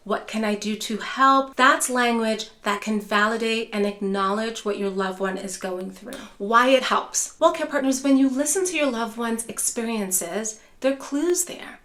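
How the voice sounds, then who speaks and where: Woman, caregiver educator, reassuring, direct teaching, softly models calm phrases, slightly high voice. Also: normal speed, few pauses. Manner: warm, reassuring, addresses viewers as care partners; acts out gentle calming phrases in a soft voice. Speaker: dementia care educator.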